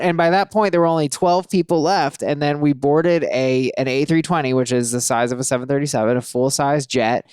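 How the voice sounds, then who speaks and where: A man's voice: fairly high pitch, fairly even intonation, fairly quick, hardly any pauses, darkish tone, clear, resonant tone, no echo, clean studio sound. A male podcast co-host in casual chat, telling rambling stories and reading listener posts aloud. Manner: rambling, storytelling with acted-out quotes.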